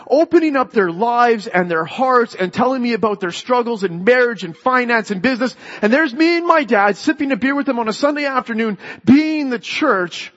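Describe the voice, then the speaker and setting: A Canadian man giving a sermon in a church, telling a story and often restarting phrases. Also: high voice. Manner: storytelling, repeats words when starting a phrase. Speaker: lay preacher. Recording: dull echoey hall sound.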